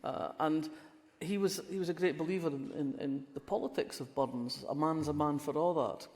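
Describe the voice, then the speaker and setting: A woman's voice: low voice, normal speed, a little mellow. Wry Scottish woman in a reverberant hall. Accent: polished Scottish. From Fife, Scotland. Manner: wry storytelling with frequent restarts and laughs. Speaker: guest crime writer. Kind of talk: live stage conversation. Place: festival hall stage. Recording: long hall reverb, festival stage.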